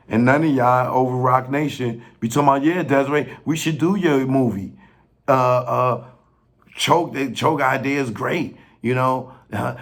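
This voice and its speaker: A man in a casual rant to camera, pleading and joking, with slang and sudden rises in pitch when he gets worked up. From New York. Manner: slow, pleading, street slang, laughs at own jokes, pitch jumps when worked up. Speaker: filmmaker addressing industry figures.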